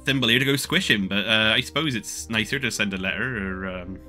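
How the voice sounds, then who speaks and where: A man's voice: fairly low pitch, a little fast, pushed and bright, faint music behind. A man running a tabletop game as game master, rambling with stammering restarts.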